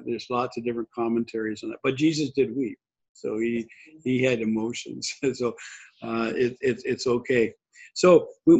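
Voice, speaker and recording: An older man giving a conversational sermon, husky, rambling and restarting often. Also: mid-range voice, a little mellow. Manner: rambling, many restarts and fillers. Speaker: pastor. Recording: dull lo-fi recording.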